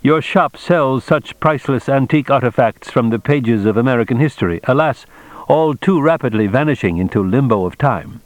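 A man reading an audiobook, voicing a courteous, stiffly formal male envoy who talks in slow, measured phrases. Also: mid-range voice, expressive, dry recording, pitched above the performer's own voice, natural voice, low-quality recording.

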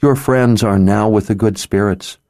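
A man's voice: on the low side, normal speed, mellow, dry recording, clean studio sound, pitched above the performer's own voice, close to an everyday voice. Stern sorceress woman, voiced by a man. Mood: urgent, stern. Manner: grim authority, clipped and insistent. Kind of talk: audiobook character voice.

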